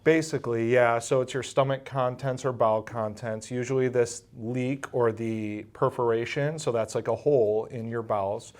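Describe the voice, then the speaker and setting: Middle-aged guy surgeon, medium voice, calmly walking through the medical stuff. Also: mid-range voice, normal speed, few pauses. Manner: calm, patient, reassuring explainer. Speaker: bariatric surgeon. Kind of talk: explanatory interview answers.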